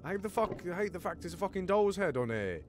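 Lively, sweary young man gaming. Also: high-pitched, fast, faint music behind. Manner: excitable and sweary, talks to himself and the game. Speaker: gamer playing with friends. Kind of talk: let's play commentary.

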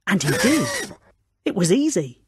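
A woman narrating a children's storybook in a lively, expressive reading. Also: medium pitch, unhurried, noisy background.

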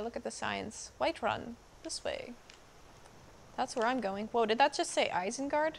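A woman's voice: on the high side, expressive, normal speed, creaky, a little hiss or hum. A young woman giving bubbly, chatty commentary as she plays a video game for the first time. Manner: bubbly, chatty, exclaims often. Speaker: gamer playing a first playthrough. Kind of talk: casual gameplay commentary. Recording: game music playing behind.

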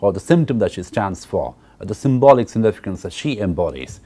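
A man's voice: lowish voice, sing-song, brisk, dark tone. A man lecturing on a novel in a university course. He explains step by step, often checks in with "okay" and "right", and uses many fillers and repeated words. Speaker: literature lecturer.

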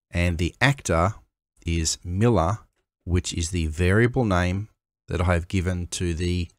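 A man making a game-editing tutorial, explaining in a measured, step-by-step way with pauses. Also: low voice, dry recording, clean studio sound. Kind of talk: screen-recorded software tutorial.

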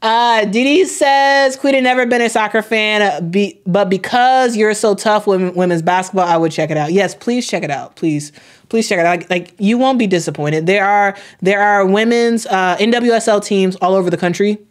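A woman's voice: mid-range voice, moderate pace. Chatty young woman hosting a live stream. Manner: chatty, repeats words, many fillers, reads chat aloud. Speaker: host of a sports live stream. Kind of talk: casual live-stream chat.

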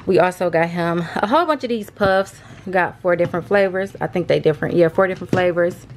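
A young woman talking casually through a shopping haul vlog, addressing viewers as y'all, rushed and a bit out of breath. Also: fairly low pitch, a little hiss or hum. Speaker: vlogger.

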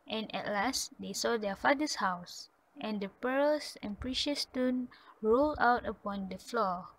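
A woman reading the end of a fairy tale aloud, unhurried, with occasional slips. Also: on the high side, poor audio. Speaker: storyteller.

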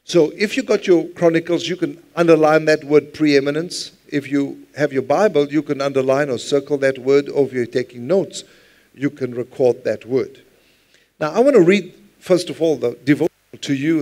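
Male pastor, fairly high voice, easygoing sermon delivery that often calls for congregation responses. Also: moderate pace, darkish tone. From South Africa. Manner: conversational preaching, repeats words, calls for congregation responses. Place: church.

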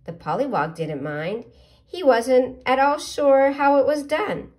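A woman reading a picture book aloud to children, gently asking them questions about the pictures. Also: sits high, unhurried.

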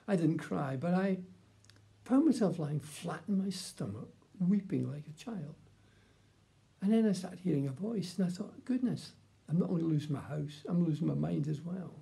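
Gravelly older man giving testimony. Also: fairly high pitch, animated, moderate pace, warm tone. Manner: plain, earnest storytelling with restarts. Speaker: testimony speaker. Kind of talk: personal testimony.

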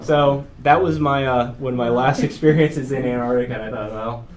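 A man's voice: mid-range voice, fairly even intonation, brisk, a crowd in the background. A man giving a photography talk to an audience in an art gallery, telling wry, humorous stories and laughing along with them. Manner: wry, laughs through his own stories. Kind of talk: humorous storytelling presentation. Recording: noisy room recording.

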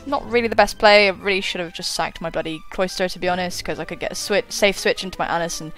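A woman's voice: fairly low pitch, fast talker, a bit bright, faint music behind. A young woman giving casual, chatty commentary on a game battle, swearing and mocking her own moves. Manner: chatty, self-mocking, swears and laughs often. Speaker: gaming YouTuber.

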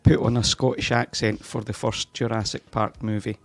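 A man's voice: lowish voice, little pitch movement, normal speed, soft background music. A man on a livestream panel, asking curious questions in casual chat. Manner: gravelly, husky, curious.

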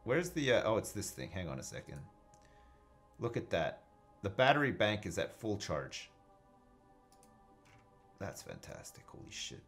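Low-voiced, lively male game streamer. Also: normal speed, soft background music. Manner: joking, profane, thinking aloud while reading chat. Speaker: gaming livestreamer. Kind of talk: casual live gameplay commentary.

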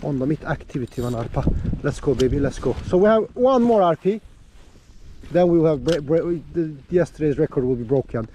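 Hyped high-voiced man fishing from a boat. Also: lively intonation, fairly quick, mellow, poor audio. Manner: hyped, playful, chatty to viewers. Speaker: fishing vlogger. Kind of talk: excited on-the-water commentary. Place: small boat on open water outdoors. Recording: outdoor boat noise behind voice. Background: water and boat noise.

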